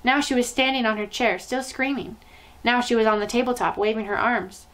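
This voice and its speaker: A woman storyteller reading a children's novel aloud in an expressive, lively way. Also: fairly high pitch, fairly quick, low-quality recording.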